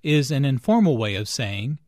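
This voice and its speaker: A man narrating a scripted English lesson, explaining each point slowly and deliberately. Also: medium pitch, sing-song, a little mellow, dry recording, studio quality. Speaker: English teacher.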